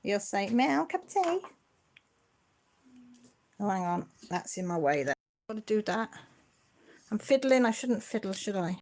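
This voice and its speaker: A woman's voice: medium pitch, lively intonation, moderate pace, darkish tone. A middle-aged woman, hosting a casual livestream and chatting and teasing as she answers viewer comments. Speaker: channel host.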